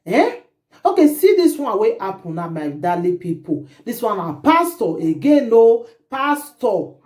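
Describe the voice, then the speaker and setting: A woman vlogger with a Nigerian Pidgin accent, telling a gossip story to her viewers in an animated, indignant way. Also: mid-range voice, a little slow. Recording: roomy echo.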